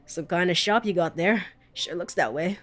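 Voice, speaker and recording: A woman's voice: fairly low pitch, faint music behind, lightly acted. Woman putting on a folksy cloud-riding man. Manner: folksy, drawn-out greetings.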